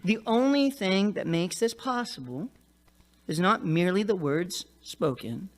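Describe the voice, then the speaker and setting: Animated, jokey male preacher. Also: sits high, unhurried. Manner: animated, jokey storytelling with asides. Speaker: pastor. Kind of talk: sermon.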